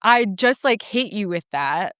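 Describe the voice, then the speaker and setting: A woman co-hosting a podcast in relaxed casual chat, speaking haltingly with fillers. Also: medium pitch, clean tone, no echo, studio quality. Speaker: podcast co-host.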